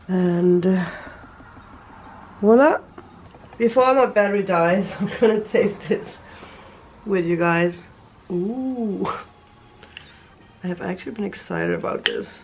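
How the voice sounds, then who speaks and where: A woman's voice: lowish voice, takes it slowly, gravelly, pauses often, darkish tone, soft background music, rough recording. A woman vlogging casually as she cooks, chatting and thinking aloud as she goes. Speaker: cooking vlogger. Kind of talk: casual cooking vlog.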